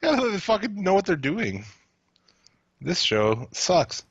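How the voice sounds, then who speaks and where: A man's voice: sits high, sing-song, takes it slowly, a bit bright, slightly rough, no room sound, dull audio. A man co-hosting a live podcast in casual chat, blunt and profane, often laughing as he rants. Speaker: podcast co-host.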